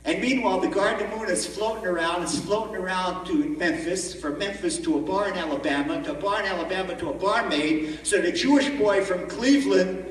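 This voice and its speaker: A man giving an animated storytelling sermon as a rabbi at a conference, recorded from far off in a large echoey hall. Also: high voice, fairly quick. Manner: animated, acts out the story in voices.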